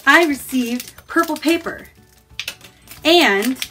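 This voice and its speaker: A bright, fairly high-voiced American woman talks her way through a book subscription unboxing in an easy, chatty way. She reacts with gasps and quick asides as each item comes out. Faint music plays softly behind her. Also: animated. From United States. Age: adult, married. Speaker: book box unboxing vlogger. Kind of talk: casual unboxing chat.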